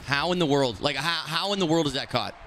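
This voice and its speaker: A man streaming a football video game, commenting live in a brash, excitable, trash-talking way. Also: fairly high pitch, a little fast, slight background noise.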